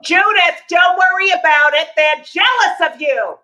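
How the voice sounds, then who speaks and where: A woman voicing her own mother, who reassures her daughter in a brisk, matter-of-fact way. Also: extremely high pitch, sharp tone, dull audio, voice pushed up, exaggerated voice. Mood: deadpan.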